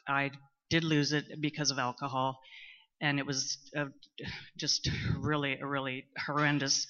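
A middle-aged woman, speaking candidly in a personal testimony at a recovery meeting, talkative and at times loud and boisterous. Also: very deep voice. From Canada. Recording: muffled lo-fi recording.

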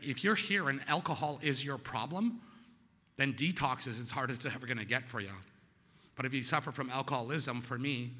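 A middle-aged man gives personal testimony at a recovery meeting, his medium-pitched voice trailing a long reverb tail. He tells his story with sudden loud peaks and quiet drops.

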